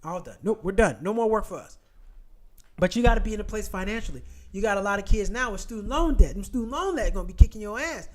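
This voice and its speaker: A man's voice: high-pitched, lively intonation, fast. A man hosting casual commentary, emphatic and blunt, repeating his points. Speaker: host.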